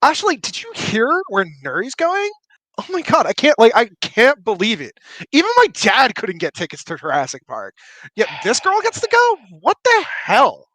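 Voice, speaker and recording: A man's voice: very high-pitched, wildly swooping pitch, normal speed, pushed and bright, no room sound, pitched above the performer's own voice, full character voice. A man voicing a snooty teenage valley girl who gushes and complains with a valley-girl drawl. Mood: jealous outrage.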